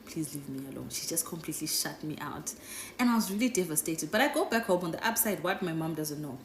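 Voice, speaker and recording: A young woman telling a casual storytime, chatty and animated, constantly checking in with "right?" and "guys". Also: on the low side, fast. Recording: echoey room with faint noise.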